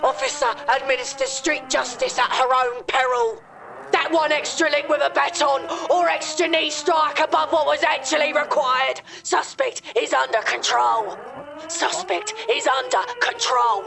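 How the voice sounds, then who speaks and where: A man's voice: extremely high pitch, fairly even intonation, unhurried, gravelly, music in the background, voice pushed up, full character voice. A man voicing a deranged woman cop who barks clipped police jargon. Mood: manic. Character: unhinged woman cop shouting police codes.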